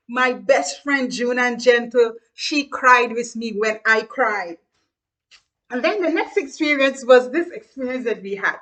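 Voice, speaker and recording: A woman from Guyana, telling childhood memories in a slow, earnest way and speaking straight to her listeners. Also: a little high, sharp tone, distant mic. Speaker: speaker sharing childhood stories. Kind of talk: reflective storytelling to viewers.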